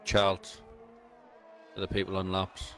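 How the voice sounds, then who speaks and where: A man's voice: sits low, monotone, unhurried, gravelly, a little hiss or hum. A man co-commentating a sim race on a live stream, bantering and joking, a bit sweary. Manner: banter, jokey, slightly sweary.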